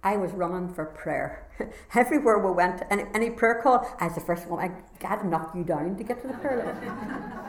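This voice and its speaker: A woman with a Northern Irish accent tells her story in an earnest, heartfelt way at a conference. Her voice sits at a middle pitch, and the sound rings around a reverberant hall. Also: moderate pace, slight background noise. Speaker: conference speaker. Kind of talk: personal testimony talk.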